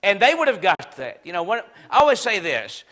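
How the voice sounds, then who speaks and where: A man's voice: high-pitched, very animated, brisk, fairly bright tone. A man with a Southern American accent teaching a Bible class in a conversational, emphatic way. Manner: conversational, emphatic, acts out sarcastic quotes. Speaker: preacher.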